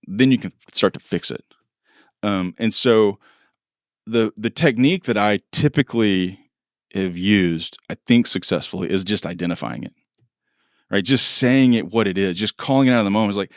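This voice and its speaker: A man's voice: lowish voice, fairly quick, no room sound, clean studio sound. A middle-aged man co-hosting a podcast, chatting casually and acting out quoted dialogue with frequent laughs. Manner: animated, acts out quoted dialogue, laughs often. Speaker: podcast co-host. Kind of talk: casual conversational storytelling.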